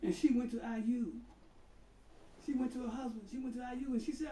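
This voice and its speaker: An imam preaching a storytelling sermon, unhurried and conversational, with sudden emphatic bursts. His voice sits high yet mellow. It comes from a distance through a large reverberant room. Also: steady tone. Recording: roomy hall, voice far from mic.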